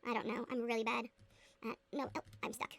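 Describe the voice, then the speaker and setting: Her voice sits a little high and fairly bright, with a flat delivery and a slightly quick pace. This gaming booktuber talks to herself as she plays, offering casual, chatty commentary full of giggles and the occasional playful fake accent.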